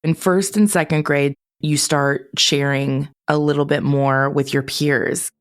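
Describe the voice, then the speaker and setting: A woman interviewer asking calm, measured questions. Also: sits low, clean tone, dry recording, studio quality.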